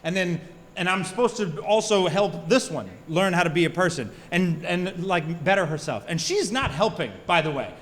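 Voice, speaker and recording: Millennial comic man, high-pitched, crowd work, loud laughing house, long reverb. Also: animated, normal speed. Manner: crude, self-mocking, chatty with the crowd. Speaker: stand-up comedian. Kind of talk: stand-up set. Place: comedy club stage. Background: audience laughter.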